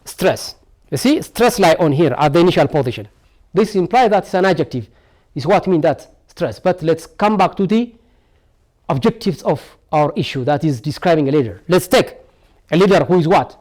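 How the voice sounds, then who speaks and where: A man's voice: on the high side, sing-song, normal speed, long pauses, darkish tone. A man teaching an English lesson, drilling each word over and over and asking rhetorical "what?" questions. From Ethiopia. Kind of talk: televised classroom lesson.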